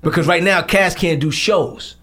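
A man's voice: high voice, normal speed, pushed and bright. A man co-hosting a casual podcast, brash, profane and joking. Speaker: podcast co-host. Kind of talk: casual chat.

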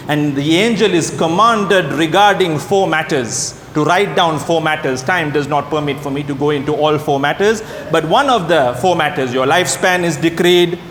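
A man preaching a sermon to his congregation, telling stories with lively delivery and acting out the people in them. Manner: animated storytelling, voices the characters in anecdotes. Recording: echoey hall with faint rumble.

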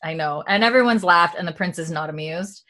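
A woman's voice: fairly low pitch, a little fast, pushed and bright. A woman hosting a casual chat, animatedly retelling scenes and acting out the characters' lines with frequent laughter. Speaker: podcast host recapping a TV episode.

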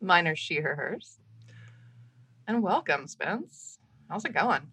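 A woman hosts a casual podcast with a slightly low voice. She is supportive, laughs easily and swears now and then. The recording is dry and close. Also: very animated, slow, pushed and bright, husky, no echo. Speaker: podcast host.

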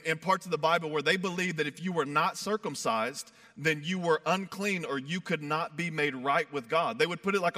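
Bright-voiced man preaching an emphatic sermon. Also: a little high. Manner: emphatic, builds to fired-up peaks then drops soft; conversational, uses "like" and "you know". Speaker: pastor.

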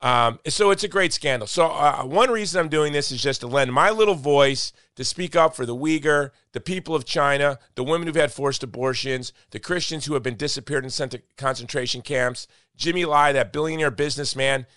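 A man's voice: a little high, fairly quick, hardly any pauses, fairly bright tone, no room sound, studio quality. A man hosting a podcast in casual chat, speaking with passion and repeating points for emphasis. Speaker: podcast host.

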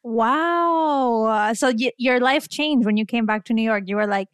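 A woman hosting a podcast interview in casual chat, enthusiastic and quick to gasp and laugh. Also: a little high, clean tone, no echo, clean studio sound. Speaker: podcast host.

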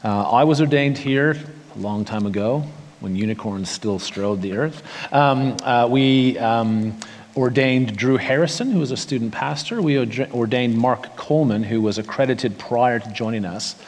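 A man, a pastor hosting an interview, who asks relaxed, wry questions with hesitant fillers. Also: mid-range voice, normal speed, long reverb tail. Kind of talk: conversational interview.

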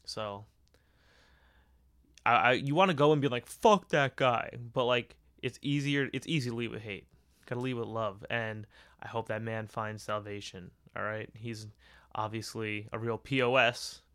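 Hosting a casual solo podcast, this man rambles, swears freely and often breaks into laughter. His fairly low voice is clear and resonant with a fairly bright tone and fairly even intonation, at a moderate pace, captured as a dry, clean studio recording.

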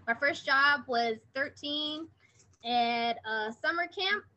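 Speaking slowly in a high, sharp voice, a woman in her thirties who owns an online preschool chats as an interview guest. She tells her story in a rambling, casual way packed with fillers, and the recording sounds muffled.

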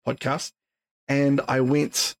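Tired gravelly New man. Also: medium pitch, level tone, slow pace. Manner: rambling, swears freely, many fillers. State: tired, yawning late at night. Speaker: podcast host. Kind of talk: casual solo podcast chat.

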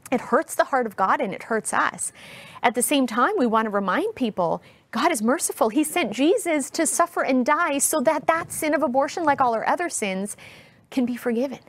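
A woman guest in her thirties, telling a personal story in an interview, earnest and heartfelt, speaking slowly and deliberately. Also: a little high.

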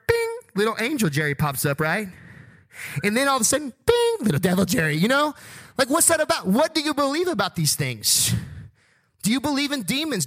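A man preaching a sermon as pastor in a church, energetic and conversational, full of rhetorical questions. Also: sits high. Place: church sanctuary.

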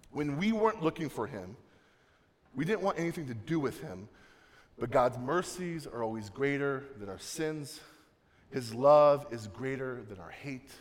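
A young man preaching a sermon, swinging from soft, low passages to loud, emphatic ones. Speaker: pastor. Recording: long reverb of a large hall.

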